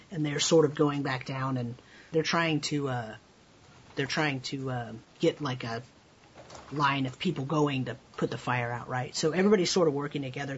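A man narrating as game master of a tabletop game over a voice call, in a relaxed, rambling way with frequent chuckles. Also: medium pitch, slight background noise. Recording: dull lo-fi voice call audio.

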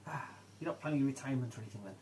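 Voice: mid-range voice, racing, darkish tone, slight background noise. A player chatting casually in character, asking blunt questions. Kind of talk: in-character banter.

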